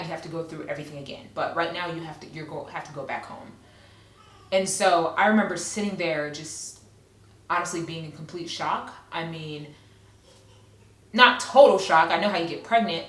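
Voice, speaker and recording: A woman's voice: lowish voice, a bit bright. A woman in her thirties telling a personal story in a casual, conversational way, full of fillers and repeated phrases. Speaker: vlogger. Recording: echoey room, a bit far from the mic.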